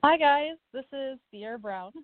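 A woman's voice: high-pitched, expressive, measured pace, no room sound. A woman guest on a talk radio show, speaking a little hesitantly. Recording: dry phone line.

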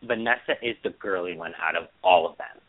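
A chatty man co-hosting a casual talk show, rambling through a story and putting on a squeaky mocking voice for quotes. His voice sits low and is heard over a thin, tinny phone line. The sound is dry and close. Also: brisk, dry recording. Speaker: podcast co-host. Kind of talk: casual chat.

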